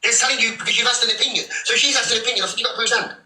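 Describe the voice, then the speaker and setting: A man's voice: very high voice, fairly even intonation, very fast, pushed and bright. A man arguing his case on a live stream, indignant and defensive. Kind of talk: heated live-stream argument. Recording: distant, echoey.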